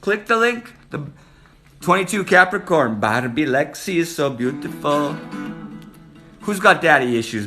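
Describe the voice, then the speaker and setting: Man live-streaming, a bit high-voiced, flirty and playful, faint guitar behind. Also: big pitch swings, measured pace, bright, forceful tone. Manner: flirty, playful, hyping up viewers by name. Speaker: livestream host reading viewer comments. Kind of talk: casual live-stream chat.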